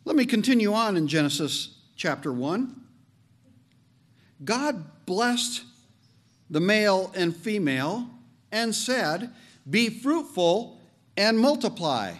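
A man preaching a sermon as pastor, animated and joking, leaning on slow emphatic phrases. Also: high voice.

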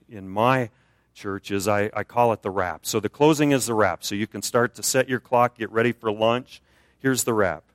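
A man with an American accent preaching a conversational sermon in a church, swinging up high for emphasis and dropping low for quiet points. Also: no room sound. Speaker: guest preacher.

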